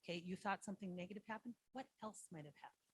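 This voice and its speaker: Husky-voiced woman quizzing her audience. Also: medium pitch, racing, no echo. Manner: teacherly, quizzes the audience with frequent "right?". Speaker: school district social worker. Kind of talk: presentation to foster parents. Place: online meeting.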